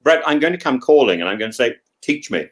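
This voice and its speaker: A man's voice: medium pitch, expressive, racing. A middle-aged man from England, co-hosting a casual chat, who keeps restarting and repeating words as he talks. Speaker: co-host.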